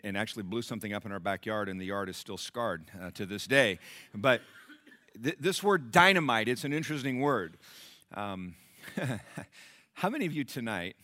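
A middle-aged man preaching a sermon to a congregation, animated, often jumping into loud acted-out voices. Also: lowish voice, no room sound. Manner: animated, acts out bragging characters loudly. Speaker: pastor.

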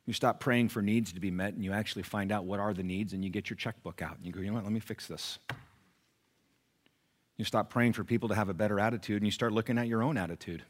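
A pastor delivers his sermon in a church with a somewhat low male voice. He speaks earnestly and personally, pushing some phrases out with force and dropping others to a near-whisper. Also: rapid-fire, few pauses. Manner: earnest, shifts from raised emphasis to hushed near-whispers. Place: church sanctuary.

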